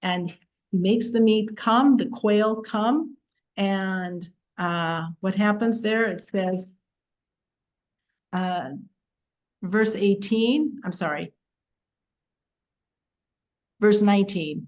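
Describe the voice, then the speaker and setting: A middle-aged woman leads a relaxed Torah class in a chatty, lively way. She acts out the scripture with humor as she reads it. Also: mid-range voice, very slow, long pauses, rough recording. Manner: chatty and expressive, acting out the verses with humor. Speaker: Torah teacher.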